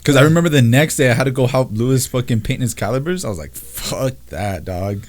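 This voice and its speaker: A man co-hosting a podcast, telling a drunk story in relaxed slang. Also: medium pitch, very fast. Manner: laid-back, slangy, laughs often. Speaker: podcast co-host. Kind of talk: casual storytelling chat.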